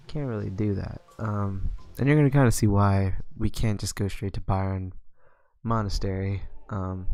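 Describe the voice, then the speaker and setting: A man's voice: on the low side, a little mellow. A young man giving casual commentary on a game he is playing, rambling along with plenty of fillers. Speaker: let's play gamer.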